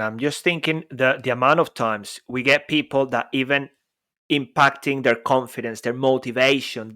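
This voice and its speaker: A man co-hosting a podcast in casual chat, lively and jokey, his voice jumping up and down. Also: mid-range voice. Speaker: podcast co-host.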